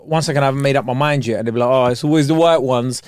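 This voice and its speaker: A man's voice: medium pitch, very fast, clear, resonant tone, no echo, clean studio sound. A man co-hosting a podcast, teasing and blunt in casual banter. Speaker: podcast co-host. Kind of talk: casual chat.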